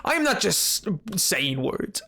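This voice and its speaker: A young man streaming a survival game, chatting casually with his viewers, joking and bragging in a rambling way with quick laughs. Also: high voice, big pitch swings, gravelly, pushed and bright, faint music behind. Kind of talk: casual chat while playing a game.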